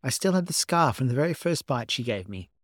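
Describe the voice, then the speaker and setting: A man's voice: mid-range voice, lively intonation, no echo, clean studio sound, lightly acted. A man reading as Morticia, a gracious gothic mother. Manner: gentle, measured and polite.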